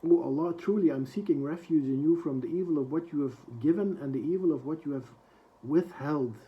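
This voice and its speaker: A man with a slightly high voice teaches a reflective book lesson. He recites quoted prayers quickly, then translates them slowly and softly, with many hesitations. The recording sounds dull and lo-fi. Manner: soft-spoken, with frequent hesitations.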